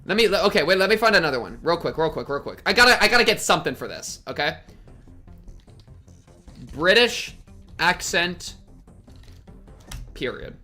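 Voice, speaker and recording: A rambling, self-mocking male streamer chatting casually while reading a game story. His voice sits fairly high and sounds bright and sharp. Light music runs in the background. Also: very animated, racing, few pauses. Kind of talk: casual commentary.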